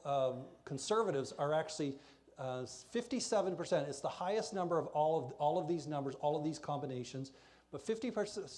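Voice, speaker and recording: A man delivers a sermon in a church, speaking with a slightly raised pitch. His manner is passionate and emphatic as he presses his points home. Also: a little mellow. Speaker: preacher. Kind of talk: sermon with slides.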